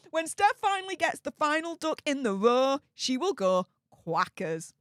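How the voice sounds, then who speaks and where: A woman's voice: sits high, animated, unhurried, a bit bright. Chatty, blunt woman streamer. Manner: chatty and blunt, laughs often, many fillers. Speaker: live stream host reading chat. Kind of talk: casual live stream chat.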